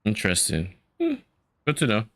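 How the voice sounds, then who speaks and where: Low-voiced young man, relaxed gaming chat. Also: normal speed, no room sound. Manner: relaxed, swears casually, trails off mid-thought. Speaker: co-player.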